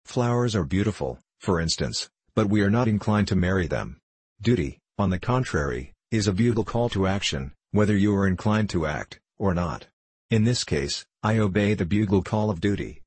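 A formal, earnest tin emperor, read by a man with a deep, husky voice. He talks in a measured, dutiful way, close and dry in a storybook audiobook. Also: lively intonation, darkish tone, no room sound. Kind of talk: audiobook reading.

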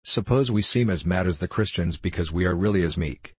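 Narrator playing an impassioned orator, very deep, husky, rhetorical declaiming. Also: male voice, brisk, no echo. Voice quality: low, penetrating. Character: impassioned young male anarchist orator. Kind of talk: audiobook character voice.

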